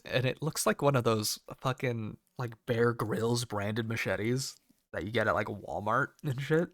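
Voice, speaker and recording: A man's voice: medium pitch, moderate pace, fairly bright tone, no room sound, clean studio sound. A young American man telling a work story in a sarcastic, profane, casual way and acting out the people in it. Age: young adult. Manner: profane, sarcastic, acts out quoted voices. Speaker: cable technician storyteller.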